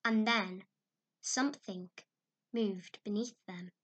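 A woman narrating a classic storybook in an expressive, animated way. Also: medium pitch, takes it slowly, breathy edge, muffled recording.

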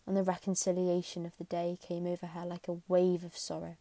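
Gentle woman reading a story aloud, steady and low-key, dry sound. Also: fairly quick, few pauses, dry recording. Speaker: audiobook narrator. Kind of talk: scripted narration.

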